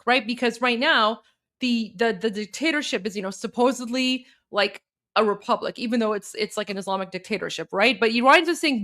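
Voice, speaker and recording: A political commentator from Iran runs a live stream, speaking fairly quickly in a slightly high, fairly bright voice. Her chatty delivery is packed with fillers and restarts, and she repeats herself often.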